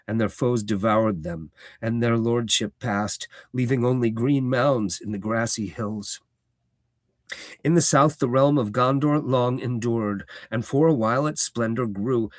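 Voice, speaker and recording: A man voicing an ancient, grave elf lord who speaks in a slow, stately, lyrical way. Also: mid-range voice, dry recording, clean studio sound, close to an everyday voice. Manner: slow, stately, elevated delivery.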